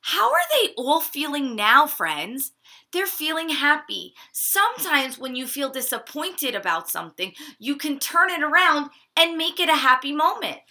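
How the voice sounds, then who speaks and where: Woman teacher, children's story time, slow and expressive, very bright voice, lively pitch. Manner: asks children questions, expressive. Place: living room at home.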